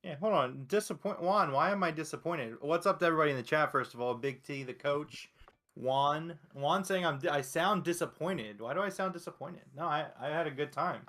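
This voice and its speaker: A man's voice: fairly high pitch, brisk, a bit bright. A man co-hosting a wrestling podcast, blunt and opinionated, answering the chat. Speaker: podcast co-host.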